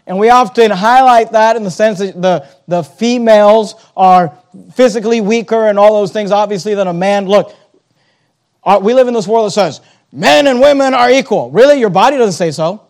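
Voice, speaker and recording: A man's voice: high voice, moderate pace, a little mellow. A man preaching a sermon as pastor, emphatic and conversational, repeating phrases and turning aside to address the congregation directly.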